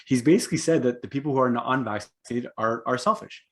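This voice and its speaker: A man's voice: medium pitch, animated, fast, hardly any pauses. A man co-hosting a casual political chat, talking emphatically with many restarts and asides. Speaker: podcast co-host.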